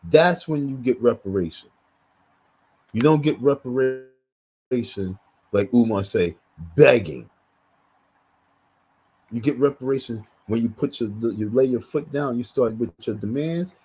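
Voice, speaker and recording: Man, husky voice, blunt and heated livestream commentator, repeats his points. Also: mid-range voice, animated, measured pace, long pauses, warm tone, poor audio. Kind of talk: casual live commentary.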